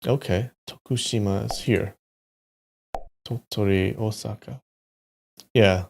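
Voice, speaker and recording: A man's voice: fairly low pitch, steady tone, a little slow, gravelly, long pauses, darkish tone, slight background noise. A man streaming live, muttering place names to himself as he plays a map quiz, with sudden frustrated outbursts and the odd swear. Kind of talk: casual live-stream commentary while playing a map quiz.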